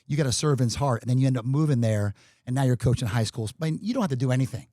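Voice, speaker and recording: A man's voice: mid-range voice, lively intonation, very fast, warm tone, dry recording. A male podcast host talks in an average, middle-range voice, effusive and full of praise. His voice is close and dry in the studio. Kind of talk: podcast interview. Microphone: studio microphone.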